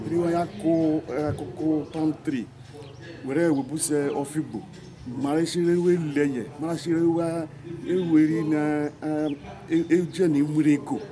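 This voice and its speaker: A man explaining a community training program in an unhurried manner, mixing Igbo with English. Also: a little high. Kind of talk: community speech.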